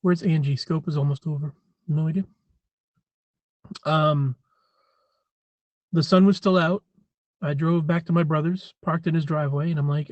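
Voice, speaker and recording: A man's voice: on the high side, normal speed, long pauses, darkish tone, no room sound, muffled recording. Rambling man on a live stream. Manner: rambling, chatty, frequent throat clearing. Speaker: livestream host. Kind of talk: casual live-stream chat.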